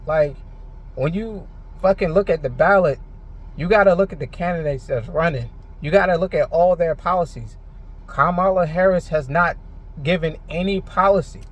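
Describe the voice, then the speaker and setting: A frustrated man ranting in a rambling, heated monologue, full of filler words and swearing. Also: a little high. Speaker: vlogger. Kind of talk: unscripted monologue to camera.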